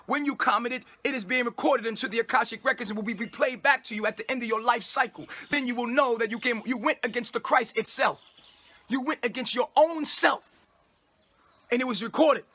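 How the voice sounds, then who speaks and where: A man's voice: very high-pitched, brisk, sharp tone. A man streaming a grandiose, commanding preaching monologue to his followers, scolding them with repeated phrases. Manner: repetitive, scolding tone at listeners. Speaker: self-styled spiritual leader addressing followers.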